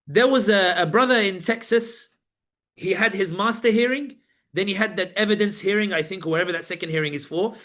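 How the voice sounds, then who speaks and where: A man's voice: sits high, fairly quick, fairly bright tone. A man, a journalist guest on a live panel, recounting his experiences as vivid storytelling, acting out the people he met in quotes. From Britain. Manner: vivid storytelling, acts out guards and inmates in quotes.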